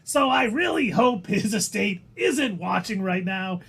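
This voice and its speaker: Man doing a screechy, gravelly comic impression; high and husky, livestream co-host. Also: animated, a bit bright, heavily acted. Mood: mocking. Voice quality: screechy, raspy and strained. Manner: exaggerated comic whine, drawn-out delivery. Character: shrill, grating middle-aged male comedian impression. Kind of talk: livestream chat.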